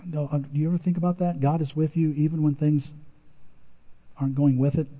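A man preaching a sermon in a conversational, animated way, his voice rising for emphasis. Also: fairly high pitch, brisk. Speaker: pastor. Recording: muffled sound in a reverberant hall.

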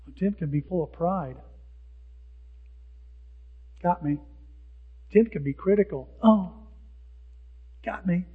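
A male pastor preaching a sermon in an animated way, acting out the lines of people who mock. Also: high-pitched, slow pace, pauses often, slightly rough. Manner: animated, acts out hecklers' lines. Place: church sanctuary. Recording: dull sound with long hall reverb.

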